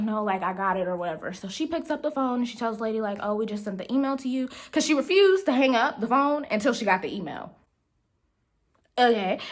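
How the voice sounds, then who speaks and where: A young woman vlogger casually telling a work story to her viewers, chatty and animated. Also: on the high side.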